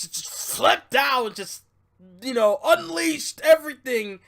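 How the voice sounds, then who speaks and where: A young man with a high, bright voice talks through a wrestling show in a loose, ranting style. He drops to low mutters, then bursts out loud and swears. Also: a little slow. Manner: animated, swings between muttering and loud outbursts, swears. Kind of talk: casual rant review.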